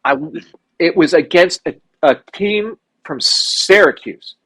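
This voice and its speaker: A man's voice: sits high, expressive, slow pace, a bit bright, slightly rough, rough recording. A young man chatting casually on a podcast, telling profane stories and acting out other people's lines. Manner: profane storyteller, acts out voices of others. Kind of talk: casual chat.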